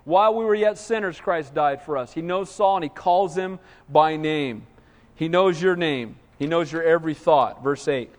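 A man with a high voice preaches with animated, call-and-response energy. His sermon rings out with a long hall reverb, as if in a church sanctuary. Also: normal speed. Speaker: pastor.

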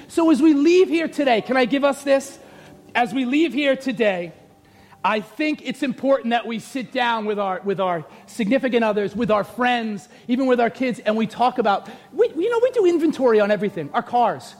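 High-voiced shouting preacher man. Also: expressive, normal speed. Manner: preaching loudly, often shouting, with humor. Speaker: pastor. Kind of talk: sermon. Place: church.

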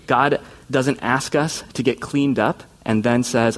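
A man's voice: medium pitch, fairly even intonation, takes it slowly. A man preaching a conversational sermon as a youth pastor, earnest and informal, often slipping into quoted voices.

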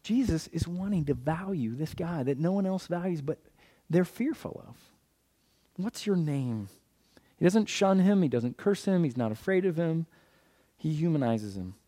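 A guest pastor delivers an animated sermon, posing questions to the audience, answering them himself and joking in passing. His voice sits on the high side at a normal speed.

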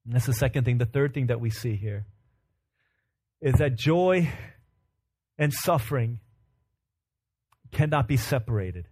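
A man's voice: mid-range voice, lively intonation, a little slow, long pauses, darkish tone, breathy edge. A man in his thirties preaching a sermon, earnest and storytelling, breaking into laughs and acting out the voices in his stories. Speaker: pastor.

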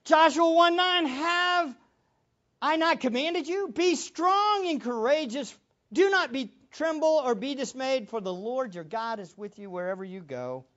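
A preacher giving an impassioned sermon, moving from quiet reflection to loud exclamations and closing in prayer. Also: sits high, animated, measured pace, muffled recording. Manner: ends in prayer.

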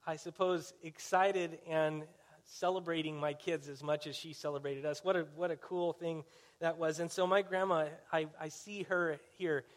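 A male pastor with a somewhat high, fairly even voice preaches at a normal pace. His sermon unfolds like a conversational story, and he often poses questions to his listeners.

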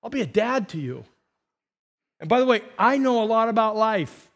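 A man preaching a sermon as pastor, telling stories and acting out voices, swinging between soft and loud. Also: high-pitched, very animated, normal speed. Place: church sanctuary. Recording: long reverb of a large hall.

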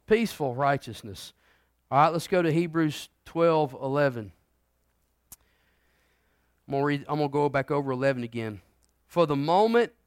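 A middle-aged man preaching a conversational sermon as pastor, swinging between loud emphasis and quiet, drawn-out lines. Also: mid-range voice, dry recording, studio quality.

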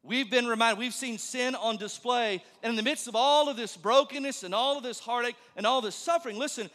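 A male pastor preaching a sermon in a church, conversational and joking, then dropping to a hush for emphasis. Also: extremely high pitch. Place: church sanctuary. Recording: long reverb of a large hall.

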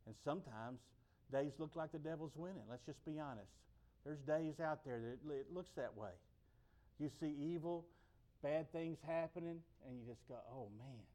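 A man preaching in a fairly high voice, chatting with his congregation like friends. He swells to loud emphatic peaks, then settles low and slow for the scripture. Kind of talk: sermon.

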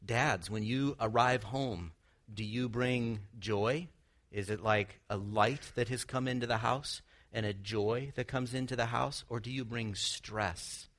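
A man's voice: mid-range voice, unhurried, fairly bright tone. A man preaching a sermon, teaching earnestly with rhetorical questions and the odd light laugh. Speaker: pastor.

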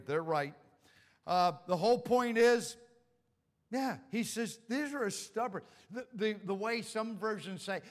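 Man, pastor, high bright voice, conversational sermon with jokes, reverberant hall. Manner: conversational and joking, acts out quoted lines.

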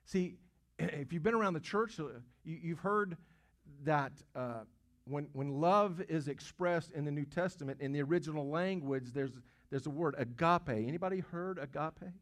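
A man's voice: on the high side, normal speed. A man preaching a sermon. He asks the congregation questions, repeats words as he goes, and swells to emphatic peaks. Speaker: pastor.

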